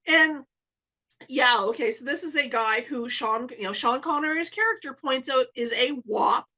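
A woman's voice: high-pitched, moderate pace, pushed and bright, low-quality recording. A tipsy woman co-hosting a podcast, blunt and profane, explaining movie scenes at length in casual chat. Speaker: podcast co-host.

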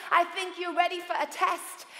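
A woman pastor preaching a sermon, lively and humorous, acting out the voices she quotes. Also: very high voice, moderate pace. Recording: echoey hall with long reverb.

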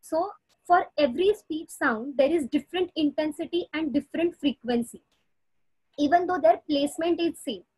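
A woman's voice: sits high, moderate pace, a little mellow, no echo, poor audio. A woman explaining a topic in a webinar over a video call, with frequent "uh" hesitations. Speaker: audiologist speaker.

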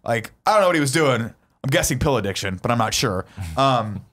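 A man telling a story in a quick, emphatic, blunt way, in a mid-pitched voice. He is a podcast co-host chatting casually. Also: expressive, background noise. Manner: fast, emphatic, profane storytelling.

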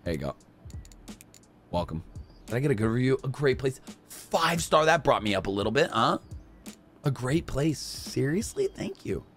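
A young man giving casual gameplay commentary, talking to himself and to in-game customers, swinging from mumbles to shouts. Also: medium pitch, big pitch swings, normal speed, pauses often, soft background music. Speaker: gaming YouTuber.

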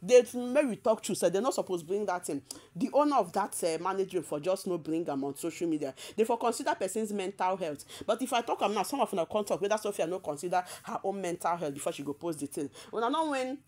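Nigerian woman, gossip vlogger; emphatic, repeats herself, quick to laugh. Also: mid-range voice, lively intonation, a little mellow. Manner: emphatic and repetitive, often laughing. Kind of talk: casual gossip commentary.

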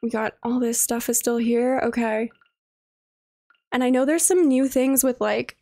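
A woman's voice: high-pitched, darkish tone. A young woman streaming a game live, gushing and greeting her viewers one by one.

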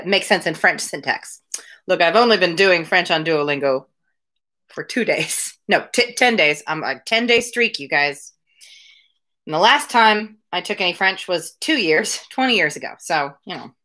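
A woman's voice: on the low side, expressive, normal speed, pushed and bright. A woman reading a novel aloud on a home livestream, breaking off now and then for chatty asides to her viewers. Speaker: reader of a daily livestreamed book reading. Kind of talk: read-aloud livestream narration. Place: home room with window blinds.

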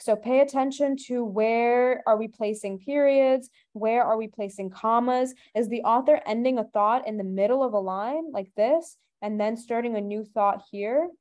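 Her voice is mellow and darker yet on the high side as this woman tutor runs a brisk online webinar lesson. She explains each step in turn and repeatedly asks rhetorical questions to guide the students.

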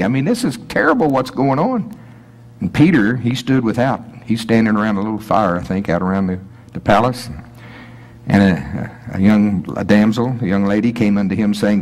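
A man with a low-pitched voice delivers a Sunday-style sermon in a church. He reads the old scripture in a measured way, then explains it in loose, conversational asides with a light flavor, often mimicking the people in the story in a raised voice. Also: animated, a little mellow. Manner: conversational, acts out voices, breaks into laughter. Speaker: preacher.

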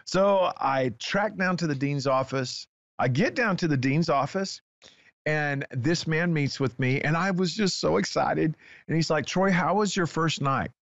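Excitable man telling a testimony. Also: a little high, a little slow, no room sound, dull audio. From Texas. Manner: excitable storyteller, acts out dialogue. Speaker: guest author. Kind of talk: animated personal testimony.

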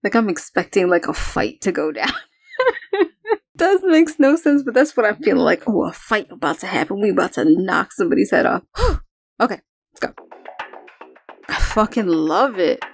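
A woman reacting to an album in casual commentary, excitable, swearing a lot and breaking into exclamations and laughter. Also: mid-range voice, moderate pace, creaky, pauses often, husky, no room sound, clean studio sound. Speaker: music reaction host. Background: song playing faintly.

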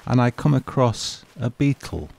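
A man narrating a personal memory in a slow, measured, wistful way for a home renovation vlog. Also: mid-range voice, expressive, vocal fry, darkish tone, slight background noise.

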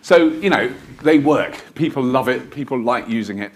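A man's voice: medium pitch, expressive, normal speed, breathy edge. A man giving a live lecture to an audience in a museum lecture theatre, telling stories in a chatty, rambling, self-deprecating way. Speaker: guest lecturer.

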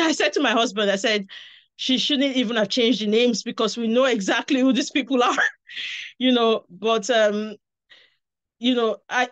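A woman giving a heartfelt, halting tribute over a video call, drawing out her words. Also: fairly high pitch, a bit bright, muffled recording. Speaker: guest speaker, daughter of the author. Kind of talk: emotional tribute speech.

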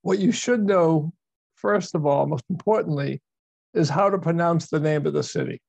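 A man's voice: on the high side, moderate pace, creaky, darkish tone, breathy edge, no room sound. A man giving a virtual presentation as a university speaker, explaining at length and repeating words for emphasis. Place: video call. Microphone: video call microphone.

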